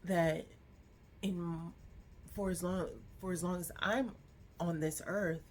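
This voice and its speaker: Slow, earnest woman vlogger. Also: fairly low pitch, fairly even intonation, slight background noise. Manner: earnest, reflective, gentle encouragement. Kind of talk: heartfelt personal vlog talk.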